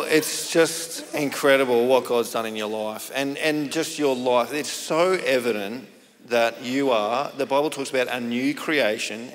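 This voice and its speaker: A man's voice: medium pitch, creaky. A man, a pastor, affirming a guest and wrapping up a church interview segment. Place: church hall. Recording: long hall reverb in church.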